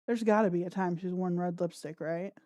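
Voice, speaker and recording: A woman's voice: fairly low pitch, fairly quick, warm tone, no echo, clean studio sound. Crude joking woman livestream host. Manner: crude, joking, laughs often. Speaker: podcast host. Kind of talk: casual livestream commentary.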